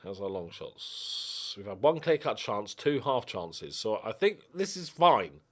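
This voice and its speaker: In a lowish, unhurried voice, a young gaming YouTuber narrates his football management game casually. He gets animated, talking straight to the players on screen and yelping when things frustrate him.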